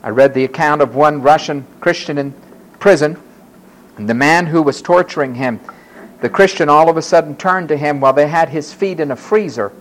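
A man's voice: a little high, moderate pace, poor audio. A man preaching a sermon, who acts out the voices of the people he quotes.

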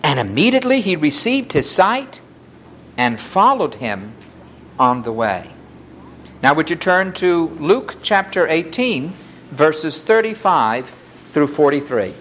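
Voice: medium pitch, very animated, takes it slowly, a bit bright, slight background noise. A preacher giving a sermon, reading scripture passages aloud and lifting the voice for quoted cries.

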